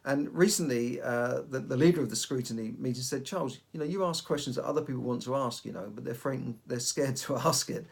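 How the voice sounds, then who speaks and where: A man's voice: medium pitch, a little fast, vocal fry, few pauses, breathy edge. A middle-aged man, hosting a podcast and giving casual advice, often repeating and restarting his words. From United Kingdom. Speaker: podcast host.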